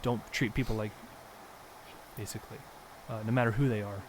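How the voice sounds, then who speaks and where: A man's voice: fairly low pitch, fairly even intonation, fairly quick, noisy background. Earnest young man telling a story. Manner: earnest, rambling, many ums. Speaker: podcast co-host. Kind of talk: casual storytelling.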